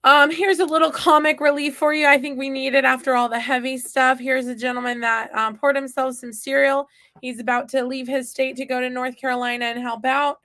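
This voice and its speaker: A woman hosting a video channel, narrating casually and gently between clips. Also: high voice, level tone, a little fast, no room sound. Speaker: channel host.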